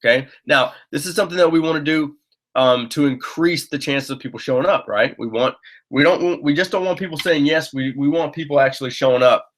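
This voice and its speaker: A man's voice: fairly high pitch, fairly quick, fairly bright tone. A man leading a team training session, urging his listeners on, often checking in with "okay?" and restarting his phrases. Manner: coaching, keeps checking in with "okay?"; upbeat and urging. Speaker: sales trainer.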